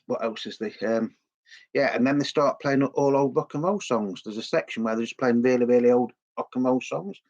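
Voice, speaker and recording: A man's voice: mid-range voice, muffled recording. A middle-aged man, giving a rambling, enthusiastic casual review full of fillers and restarts. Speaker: video blogger.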